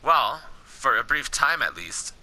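Guy reading a polite fighter who calms you down, plain read, bright voice. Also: medium pitch, a little slow, pitched below the performer's own voice, full character voice, low-quality recording.

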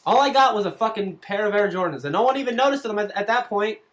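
A man answering fan questions on his vlog, telling stories in a casual, profane and animated way. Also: high-pitched, quick pace, noisy background. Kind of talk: casual storytelling.

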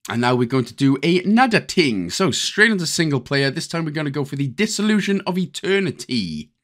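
A Welsh man talks the listener through a game walkthrough in a casual, chatty way with the odd joke thrown in. His voice sits a touch high and swings around a lot, keeping the instructions upbeat and easygoing. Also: very animated, a little fast, a bit bright. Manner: chatty, jokey, step-by-step instructions. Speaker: gaming channel host.

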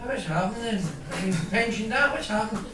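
A brash Scottish man works the room at a comedy club, his voice pitched high and ribbing the audience with crude jokes. He sounds set back from the mic, in an echoey room. Loud crowd noise fills the space around him. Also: brisk, distant mic. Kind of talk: live stand-up crowd banter. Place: comedy club stage before a live audience.

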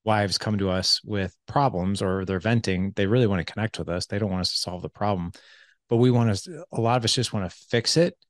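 Deep-voiced earnest man hosting. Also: fairly quick, no room sound, clean studio sound. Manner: earnest, reflective, searching for words. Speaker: podcast host. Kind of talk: conversational interview.

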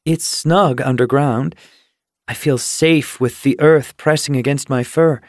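Cheery friendly she-cat from a storybook, guy doing the voice, slow and dry. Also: medium pitch, fairly even intonation, darkish tone, no echo, close to an everyday voice. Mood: warm. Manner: cheerful, encouraging. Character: small friendly female tunneler cat. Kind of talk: audiobook character voice.

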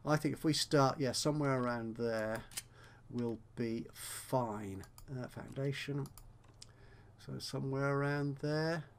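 A man's voice: medium pitch, takes it slowly, vocal fry, a little hiss or hum. A man casually commenting on a management game he is playing, rambling and correcting himself with wry asides. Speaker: let's play host.

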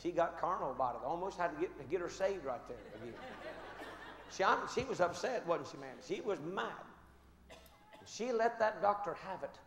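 A middle-aged pastor preaching a sermon, moving between shouted declarations and quiet storytelling. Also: male voice, high-pitched, expressive, normal speed. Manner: impassioned preaching, swinging from shouts to hushed storytelling. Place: church sanctuary. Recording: echoey church hall with faint music.

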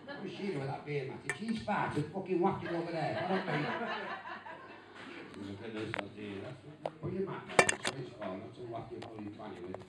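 A man's voice: medium pitch, quick pace. A man from England doing crude stand-up, roasting the crowd with swearing and insults. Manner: brash, swearing, insulting the audience. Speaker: stand-up comedian. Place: bar show stage. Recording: distant, echoey and noisy club recording.

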